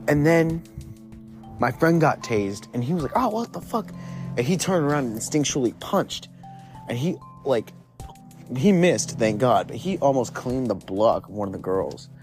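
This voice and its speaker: A young man recounting a story casually, swearing all the time and padding with "like". His voice sits in an ordinary middle pitch. Faint music plays in the background. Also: expressive, normal speed, darkish tone. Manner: rambling, swears constantly, lots of 'like'.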